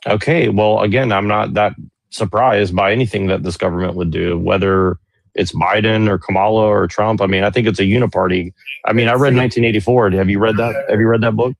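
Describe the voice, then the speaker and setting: Gravelly low-voiced man arguing politics. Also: fairly even intonation, a little fast, no room sound. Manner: defensive, repeats himself, stammers when challenged. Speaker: guest speaker on a live stream. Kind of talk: heated political debate.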